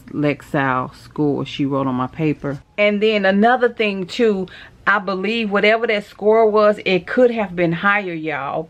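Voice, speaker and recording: Woman vlogger, middle-aged, low-pitched voice, chatty and teary storytelling to camera. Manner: chatty, emotional, talks straight to viewers. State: tearful. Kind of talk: casual storytelling vlog.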